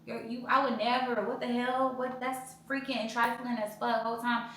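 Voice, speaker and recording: Young woman, blunt storyteller, bright tone, very echoey room, faint hiss. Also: moderate pace. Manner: animated, blunt, profane, mimics others with sudden high loud outbursts. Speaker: podcast host telling her breakup story. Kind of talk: casual storytelling vlog.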